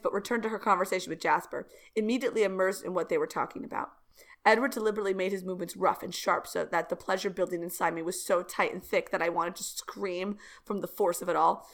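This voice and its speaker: A woman's voice: mid-range voice, fast talker. A woman co-hosting a podcast, reading fan fiction aloud and breaking off to joke and comment. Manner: dramatic reading broken by laughing commentary. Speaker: podcast co-host.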